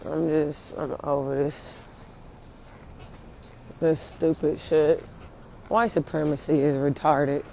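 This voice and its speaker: A woman's voice: low-pitched, level tone, takes it slowly, gravelly, pauses often, mellow, a little hiss or hum. Angry woman venting on a phone stream. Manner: angry, profane, rambling with many fillers. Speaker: livestreamer. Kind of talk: casual venting monologue.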